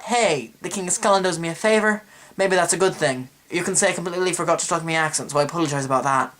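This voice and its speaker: A young man hosting a comedy history vlog, talking in a self-mocking way with quick asides and a put-on accent. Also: fairly high pitch, fairly bright tone. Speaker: host.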